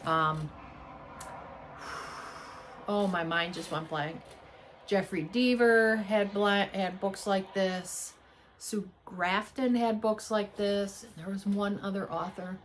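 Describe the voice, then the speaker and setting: A woman vlogging casually, gushing excitedly as she unboxes and reads a book aloud, stumbling now and then over words. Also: medium pitch, takes it slowly, a little hiss or hum. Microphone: seated at desk, squeaky chair.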